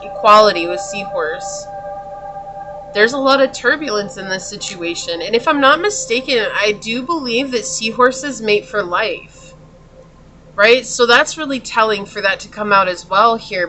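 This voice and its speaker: A woman doing a pick-a-card tarot reading, talking straight to the viewer in an earnest, consoling way. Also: medium pitch. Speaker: tarot reader.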